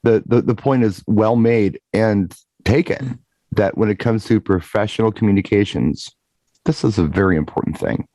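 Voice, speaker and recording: Brief: low-voiced man, lively pitch, dry close mic, confessional storyteller. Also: moderate pace, dry recording. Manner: confessional, self-deprecating storyteller. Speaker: panelist. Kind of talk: casual panel chat.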